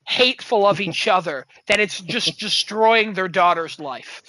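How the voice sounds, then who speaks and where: A woman's voice: mid-range voice, measured pace, pushed and bright, no echo. A woman co-hosting a podcast, casually and animatedly retelling a story, swearing freely and acting out the voices. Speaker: podcast co-host. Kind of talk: casual chat.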